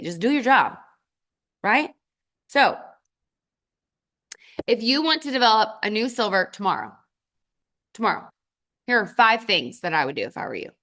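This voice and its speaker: A woman in the middle of her usual pitch gives a motivational sales training to a team. She speaks in punchy direct commands and jumps sharply up in pitch when she stresses a point. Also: fairly bright tone. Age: adult with children. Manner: emphatic and punchy, with sudden leaps up in pitch for stress; addresses the audience directly in short commands.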